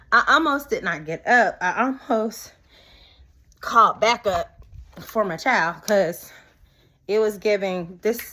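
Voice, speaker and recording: A young woman telling a personal story to her viewers in a casual, expressive vlog style. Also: mid-range voice. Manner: expressive, talks straight to viewers as "y'all". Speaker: vlogger.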